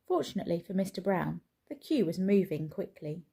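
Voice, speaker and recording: A woman reading a children's picture book aloud in a slow, expressive storytelling manner. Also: fairly low pitch, creaky, breathy edge.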